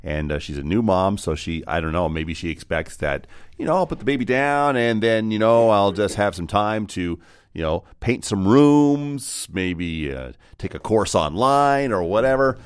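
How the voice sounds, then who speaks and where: Lively, rambling male radio co-host. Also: on the low side, normal speed, clean tone. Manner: rambling, lots of "uh" and "you know". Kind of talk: casual morning radio banter.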